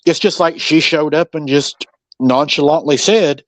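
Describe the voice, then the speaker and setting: A man hosting a podcast in casual conversation, musing out loud and acting out quoted lines as he speculates. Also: fairly high pitch, moderate pace, no echo. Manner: speculative, acts out quoted dialogue. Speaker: podcast host.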